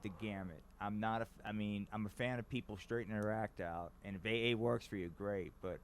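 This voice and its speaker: A man's voice: on the low side, steady tone, fairly quick. A man in casual chat who tells stories in a loose, profane way. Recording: faint background noise.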